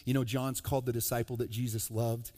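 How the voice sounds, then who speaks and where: A man preaching a sermon as pastor, animated and joking, swinging between emphatic loud lines and soft low ones. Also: fairly quick. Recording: long reverb of a large hall.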